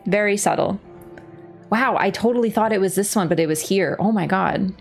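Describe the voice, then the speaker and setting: Lively woman streamer telling a story. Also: mid-range voice, normal speed, vocal fry, faint music behind. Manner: lively, laughing, swears casually, acts out voices. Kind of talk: casual storytelling while livestreaming a game. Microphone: webcam setup.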